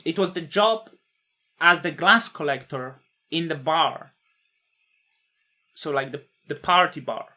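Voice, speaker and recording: A man's voice: fairly high pitch, slow, long pauses, bright, forceful tone. A man in his thirties, not a native English speaker, telling a personal story in a candid, blunt way, with swearing and frequent restarts.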